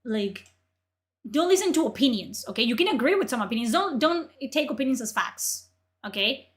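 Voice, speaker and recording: A woman streamer ranting in profane, exasperated commentary, her voice strained from yelling. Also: high-pitched, very animated, moderate pace.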